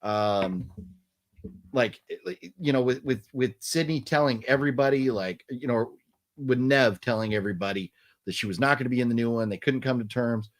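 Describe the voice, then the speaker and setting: A man's voice: medium pitch, moderate pace. A man hosting a casual late-night live stream, thinking aloud in a rambling way with many restarts.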